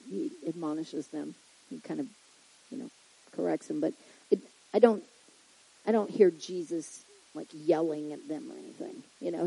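A woman's voice: mid-range voice, vocal fry, mellow, husky, no room sound, poor audio. A woman preaching a humorous sermon in a chatty way, joking and making frequent asides to the congregation.

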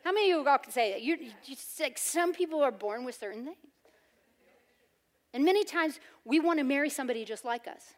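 A woman preaching a sermon, loud and emphatic with playful humor. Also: sits high, expressive, a little fast.

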